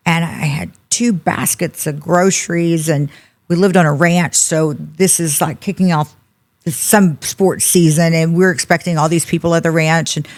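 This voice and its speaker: A middle-aged woman with a drawl and a somewhat low voice tells her story in an interview. She speaks in an animated way and slips into the voices of the people she quotes. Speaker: podcast guest.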